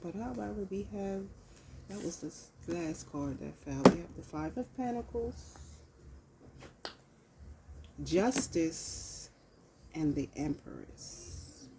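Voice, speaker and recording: Woman, tarot reader, unhurried, slightly low voice, loose and profane, noise in the background. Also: animated, creaky. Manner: loose, profane, talks to herself while pulling cards. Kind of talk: casual tarot reading.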